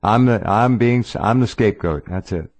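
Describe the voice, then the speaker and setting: A man's voice: lowish voice, normal speed, darkish tone. A man hosting a talk radio show who reacts in an emphatic, enthusiastic way. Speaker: radio host.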